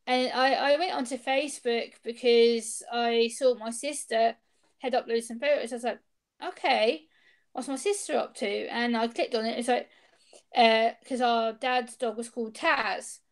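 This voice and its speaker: A young woman tells a personal story over a video call. Her voice sits a little high, and she jumps into the voices of the people she quotes. The delivery is casual and lively. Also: normal speed. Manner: animated, acts out quoted exchanges. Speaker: interview guest.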